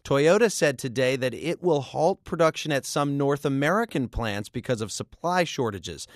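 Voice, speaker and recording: Male radio news anchor, brisk conversational read, dry booth. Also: on the high side, dry recording. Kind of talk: scripted news reading and interviewing.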